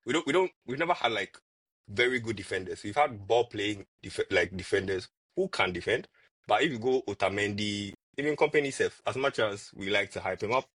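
Husky man talking football. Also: lowish voice, fairly quick, no room sound. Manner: animated, repeats words when arguing. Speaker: podcast co-host, football fan. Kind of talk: casual football chat.

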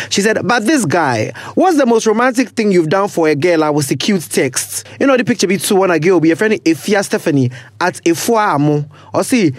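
A man's voice: high voice, dry recording. A young man with a Ghanaian accent hosting a podcast in casual chat, playful and laughing often, mixing in bits of pidgin. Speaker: podcast host.

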